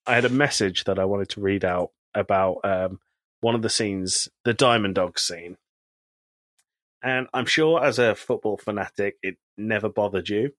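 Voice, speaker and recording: A man's voice: fairly low pitch, fairly bright tone, dry recording. A man co-hosting a podcast in casual chat, animatedly retelling TV scenes and quoting characters. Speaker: podcast co-host.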